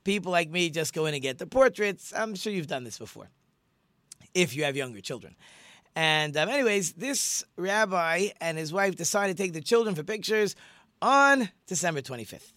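A middle-aged rabbi hosts his radio talk show, rambling warmly through a story with plenty of ums and restarts. His voice sits a little high and rings bright and forceful. The sound is close and dry, as from a studio. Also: expressive, normal speed, dry recording. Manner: conversational and chatty, many fillers and restarts.

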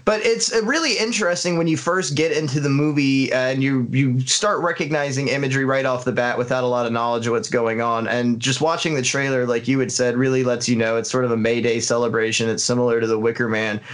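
A man co-hosting a casual film review podcast, talking in an earnest, analytical way with frequent pauses and fillers. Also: medium pitch, fairly even intonation, fairly bright tone. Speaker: podcast co-host.

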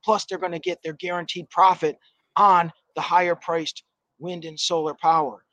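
A man's voice: fairly high pitch, little pitch movement, moderate pace, fairly bright tone, dry recording, poor audio. A man speaking as a panelist, building an argumentative case step by step. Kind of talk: panel discussion commentary.

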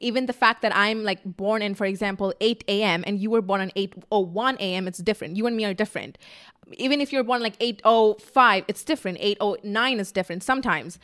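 A woman's voice: medium pitch, fairly quick. Blunt, swearing young woman vlogger. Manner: blunt, emphatic and heavy on swearing; animated, acts out quotes. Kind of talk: casual talking-to-camera vlog.

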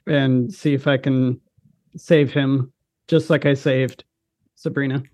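A man's voice: medium pitch, flat delivery, takes it slowly, darkish tone, no echo. A man playing a tabletop game, earnest and a bit hesitant. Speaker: player.

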